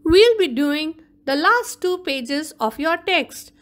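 A woman's voice: high voice, expressive, a bit bright. A woman teacher giving an online lesson, carefully explaining vocabulary. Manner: slow, explaining word meanings carefully.

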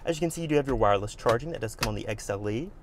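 A man at a car dealership giving a walkaround tour, listing features in short, brisk bursts. His voice sits at a middle pitch, and faint ambient noise hangs behind him as he talks from inside the car. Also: animated.

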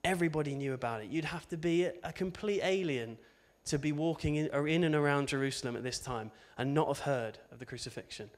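A man's voice: a little high, fast talker, hardly any pauses. A man preaching an informal sermon, conversational and chatty, with asides and tag questions.

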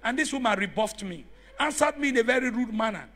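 A man preaching a sermon in church, telling stories and rising to shouts as he calls on the congregation. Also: extremely high pitch, lively intonation, fast talker. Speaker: pastor.

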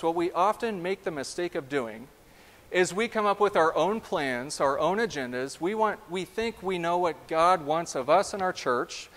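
Male pastor, high-pitched, lively sermon delivery, echoing sanctuary. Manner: animated, asks the congregation direct questions. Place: church sanctuary. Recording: long church reverb.

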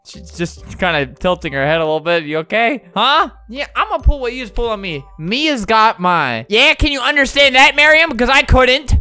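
A gaming video creator giving comedic commentary in an excitable, teasing way, laughing often, at a desk microphone. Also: mid-range voice, normal speed, hardly any pauses, clean tone, faint music behind.

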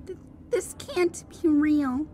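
A woman's voice: a little high, slow, a little hiss or hum. A woman voicing a tough young mare who swears freely and talks back with defiance. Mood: wary.

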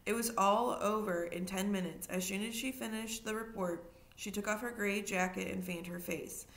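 A woman reading a children's novel aloud in a mid-pitched voice. Her narration is steady and unhurried, and she now and then stops to remind her listeners of something. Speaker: reader.

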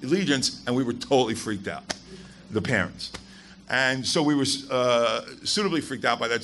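A man's voice: mid-range voice, bright, forceful tone, slight background noise. A man speaking as guest at a live skeptics event, addressing an audience bluntly and emphatically and swearing for emphasis. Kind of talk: live public talk to an audience.

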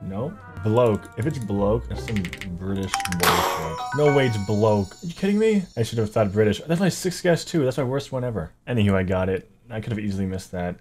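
A man's voice: fairly low pitch, lively intonation, fairly quick, few pauses, loud music behind the voice. A man doing casual gameplay commentary, thinking aloud, muttering word guesses and swearing at hard words. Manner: greets viewers with "ladies and gentlemen". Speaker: gaming YouTuber.

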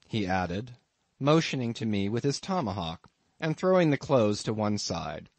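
Man reading an audiobook, animated delivery. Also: lowish voice, normal speed, dry recording. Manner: expressive, dramatic reading. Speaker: audiobook narrator. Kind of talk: scripted audiobook narration.

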